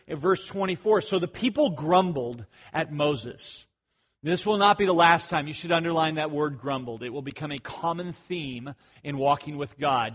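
A middle-aged man leads a Bible study with a slightly higher-than-usual voice. He talks loosely and conversationally, stopping to restart phrases and pose questions to the room. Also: a bit bright, husky. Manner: conversational, asks the listeners questions, many fillers and restarts. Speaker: pastor. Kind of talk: expository Bible teaching.

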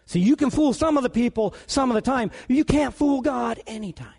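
Animated gravelly male preacher. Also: very high-pitched, brisk. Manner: animated storytelling, acting out dialogue. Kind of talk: sermon.

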